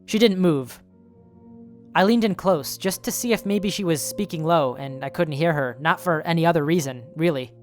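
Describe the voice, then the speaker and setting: A man's voice: on the high side, normal speed, faint music behind. A man reading a horror story aloud in the first person, in a nervous, self-justifying telling. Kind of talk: scripted horror story narration.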